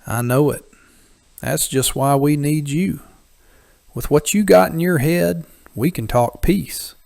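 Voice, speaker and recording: A crafty, smooth-talking frontier merchant, voiced by a man, courteous and persuasive with a gravelly edge. The voice sits a little raised, in a dry, close audiobook recording. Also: a little high, takes it slowly, a little mellow, no echo, voice pushed up. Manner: slick, polite, persuasive. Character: crafty, smooth middle-aged male merchant. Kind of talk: audiobook character voice.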